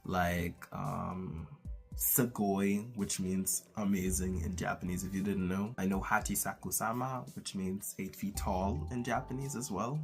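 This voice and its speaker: Low-voiced playful male vlogger. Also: fairly even intonation, measured pace, gravelly, faint music behind. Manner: playful, slips into mock accents and phrases. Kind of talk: casual talk to camera.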